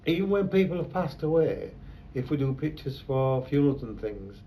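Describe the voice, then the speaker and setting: A man's voice: mid-range voice, big pitch swings, moderate pace, muffled recording, a little hiss or hum. A man, a photographer telling rambling anecdotes in an interview. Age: 70s. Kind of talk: conversational interview.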